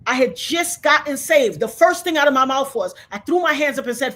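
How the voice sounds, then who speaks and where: A woman's voice: high-pitched, lively intonation, fairly quick, few pauses, sharp tone. A woman in her fifties, telling her story with fervent, preacher-like conviction as an interview guest. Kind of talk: emotional testimony in conversation.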